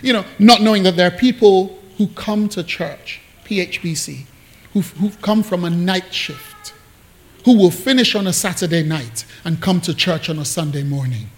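Male pastor, higher-pitched voice, conversational sermon delivery, playful asides, frequent repeats and restarts. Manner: conversational, joking with the congregation; repeats and restarts while searching for words.

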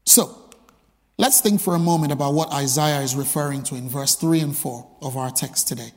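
A man's voice: a little high, normal speed, long reverb tail. A male pastor preaching a sermon, emphatic and full of rhetorical repeated questions.

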